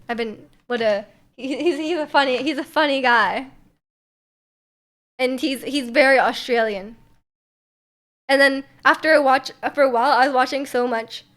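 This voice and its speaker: A woman in her twenties chatting casually on a live stream, answering chat and thinking out loud with a giggly, rambling manner. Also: sits high.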